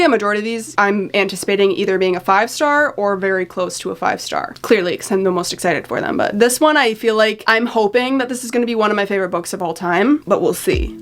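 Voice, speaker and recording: A woman's voice: medium pitch, fairly bright tone. A young woman chatting casually about books at home, rambling, swearing, and reading out blurbs. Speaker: book vlogger.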